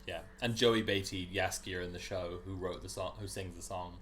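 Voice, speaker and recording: A man's voice: low voice, steady tone, moderate pace, a bit bright, a little hiss or hum. Chatty man rambling on stream. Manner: rambling, laughs often, filler-heavy. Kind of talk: casual game-stream chat.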